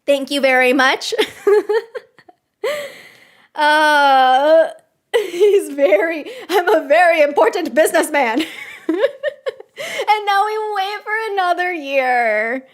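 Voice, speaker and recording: A young woman streamer reacting live to a game story, giggly, excitable and chatty. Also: high-pitched.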